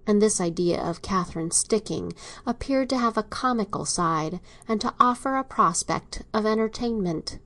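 A woman's voice: medium pitch, normal speed, a bit bright. Woman reading an audiobook. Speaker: volunteer audiobook reader. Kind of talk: audiobook narration.

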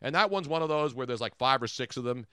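A middle-aged man hosting a radio show, riffing in casual comedic banter with an animated, rambling delivery. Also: medium pitch, fast talker, smooth, dry recording, studio quality. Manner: animated, joking, rambling riffs.

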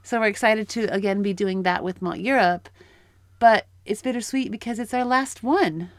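A woman co-hosting a casual podcast, cheerful and quick to tease and cut in. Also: mid-range voice, dry recording, clean studio sound. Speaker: podcast co-host. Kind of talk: casual chat.

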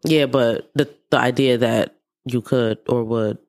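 A woman's voice: rumbling low, fairly even intonation, unhurried, a little mellow. Blunt, playful woman co-host. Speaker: podcast co-host, mother. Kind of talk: casual chat.

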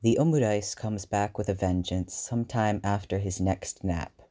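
A man reads a fan-written story aloud with a very deep, low voice. His narration is steady and even, unhurried from line to line. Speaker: reader. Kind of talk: reading fan fiction aloud.

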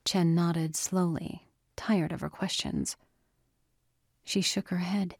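A woman narrating a novel in a measured, scripted reading, quietly giving each character a voice. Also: fairly low pitch, steady tone, no echo, studio quality. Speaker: audiobook narrator.

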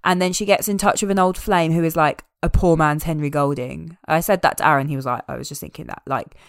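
A woman's voice: low voice, a little fast, clean tone, no echo. Chatty woman with a dry, close sound. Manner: chatty, animated, amused. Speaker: podcast co-host reviewing a film. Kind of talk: casual chat.

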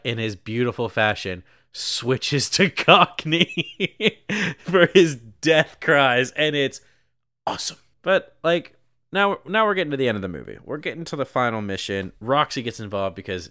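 A man's voice: on the low side, normal speed, pushed and bright, clean tone, no room sound, studio quality. A young man casually recapping a movie on a podcast, rambling and peppering his talk with "like" while acting out lines. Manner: rambling, heavy use of "like", acts out quotes. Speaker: podcast co-host.

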